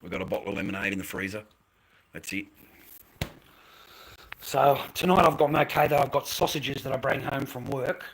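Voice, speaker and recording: Bright-voiced, foul-mouthed Australian man. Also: mid-range voice, normal speed, pauses often, slight background noise, low-quality recording. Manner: profane, blunt, ranting at his chat. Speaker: livestreamer. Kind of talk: casual livestream rant.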